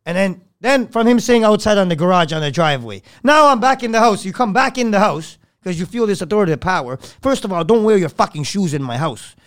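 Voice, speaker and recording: A man, a podcast guest, telling a story in casual, blunt and profane talk that swings between loud and hushed. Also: sits high, expressive, fast, few pauses.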